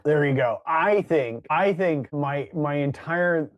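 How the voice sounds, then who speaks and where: A man's voice: a little high, slow, no room sound. A man co-hosting a podcast, teasing his partner in a wry manner. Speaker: podcast co-host. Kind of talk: casual podcast banter.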